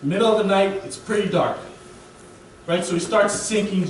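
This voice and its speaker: A young man preaches in a relaxed, chatty way, often pausing to ask "right?". His voice sits a bit high for a man. It is picked up from a distance in a booming, echoey hall, with a faint hiss underneath. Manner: casual, keeps asking "right?". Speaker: guest preacher. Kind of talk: conversational sermon. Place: church sanctuary.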